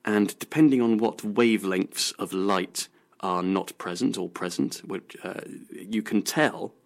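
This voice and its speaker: Casting: low-voiced man, casual radio science host who rambles and restarts his sentences. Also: a little slow. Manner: rambling with many fillers and restarts. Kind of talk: casual radio news chat.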